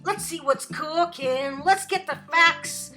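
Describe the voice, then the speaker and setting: A high-pitched woman with a bright, ringing voice rants casually to her live-stream chat. She is animated and swears freely, breaking off mid-story to answer viewers. Faint music sits underneath. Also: slow. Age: adult student.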